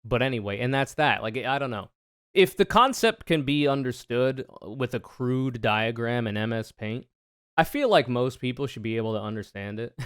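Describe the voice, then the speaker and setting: Brief: male streamer, mid-pitched voice, dry close sound, sarcastic and swearing freely. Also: clear, resonant tone, no room sound. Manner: profane, sarcastic, animated ranting. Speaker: streamer reacting to debate clips. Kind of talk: casual reaction commentary.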